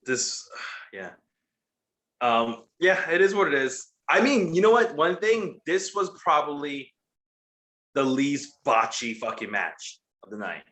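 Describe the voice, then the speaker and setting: Bright, lively man in an echoey room. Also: a little high, slow. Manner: laid-back, dismissive, swearing. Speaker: podcast co-host. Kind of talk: casual chat.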